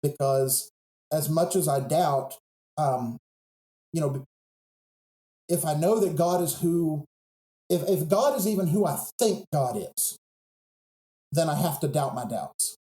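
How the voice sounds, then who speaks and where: Man, pastor, earnest reflective storytelling, high-ish voice, echoey room. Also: expressive, slow pace, pauses often, warm tone. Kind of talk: podcast conversation, telling a Bible story.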